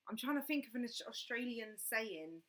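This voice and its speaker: A woman's voice: a little high, expressive, moderate pace, a bit bright. A woman chatting casually on a livestream as its host, rambling with lots of fillers.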